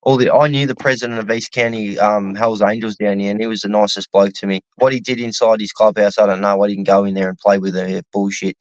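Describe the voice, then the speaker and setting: A man's voice: on the low side, little pitch movement, quick pace, few pauses, darkish tone, dry recording. A man with an Australian accent in casual chat, opinionated and profane, rambling along with "mate" and "man". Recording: slightly muffled, dull recording.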